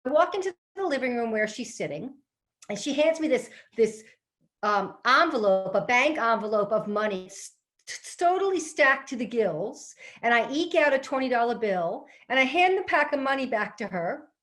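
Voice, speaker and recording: A woman's voice: a little high, normal speed. Chatty woman telling a story to an audience. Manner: lively, chatty, addresses the audience directly. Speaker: professional speaker and organizing expert. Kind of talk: storytelling webinar talk. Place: her home office. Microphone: computer mic on a live webinar.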